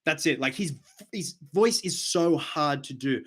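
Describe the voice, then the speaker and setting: A man hosting a casual live stream, chatty with quick asides and fillers. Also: on the high side, animated, a bit bright. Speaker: host of a live show.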